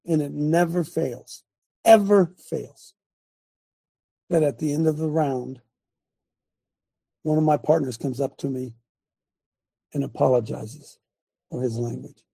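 Known as Coach, a host and Bible study leader guides a relaxed group discussion, telling folksy, drawn-out stories with rhetorical asides and repeatedly asking the group to agree. His husky, mellow voice is fairly high in pitch, and the recording is dry and close, like a video call.

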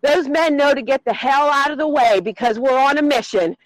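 A woman's voice: sits high, moderate pace, poor audio. An older woman calling in while out walking, out of breath, emphatic and laughing between points. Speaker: caller.

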